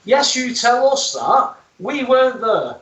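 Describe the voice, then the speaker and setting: Man, high voice, roomy and distant. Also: sing-song, slow pace, a bit bright. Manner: emphatic, interjecting. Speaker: guest co-host. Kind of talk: casual chat.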